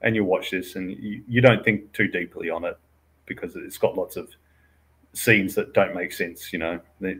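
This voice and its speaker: Bright, husky, lively man chatting. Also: lowish voice, normal speed, poor audio. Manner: laughing, incredulous storyteller. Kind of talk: casual chat about movies.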